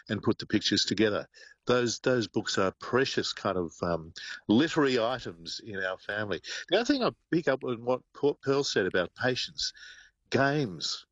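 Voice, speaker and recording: A man's voice: fairly low pitch, a bit bright, no echo, highs cut off. An older man co-hosting a radio show, reflective and hesitant, with many fillers. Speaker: co-host.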